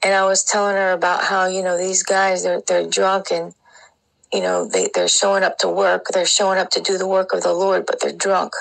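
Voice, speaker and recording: A woman with a low, gravelly voice tells her dreams in a loose, rambling way. She keeps restarting and wandering into asides as she goes. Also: normal speed, rough recording. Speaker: Christian dream sharer. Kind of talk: casual storytelling of dreams.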